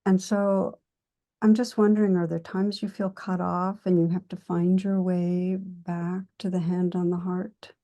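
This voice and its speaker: Gentle low-voiced woman host. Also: level tone. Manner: gentle and measured. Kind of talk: interview conversation.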